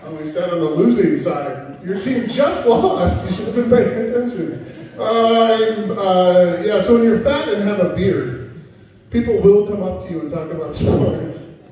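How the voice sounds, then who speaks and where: A man's voice: high voice, animated, measured pace, dark tone. A middle-aged man doing stand-up comedy at a live venue, chatting with the crowd in a self-deprecating way. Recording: echoey room, distant muffled mic.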